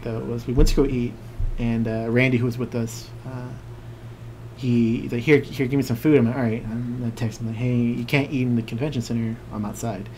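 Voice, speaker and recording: A man's voice: medium pitch, flat delivery, a little fast, a little mellow. A man co-hosting a casual podcast, rambling happily through a story. He acts out what other people said and laughs often. Faint background noise sits under his voice. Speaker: podcast co-host. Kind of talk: casual chat.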